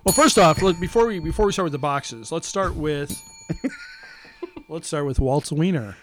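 A man's voice: on the high side, expressive, normal speed, background noise. A man co-hosting a podcast in casual chat, reading listener notes aloud with frequent chuckles. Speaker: podcast co-host.

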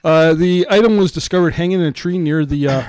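A man's voice: a little high, a little fast, darkish tone, smooth, dry recording. A man co-hosting a casual comedic chat, joking around and tacking "eh?" onto his sentences.

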